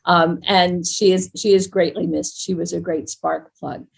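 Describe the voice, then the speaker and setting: An older woman moderating a panel discussion, speaking in a halting way with many fillers. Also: lowish voice, steady tone, vocal fry, breathy edge. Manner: warm, halting, with many ums and uhs.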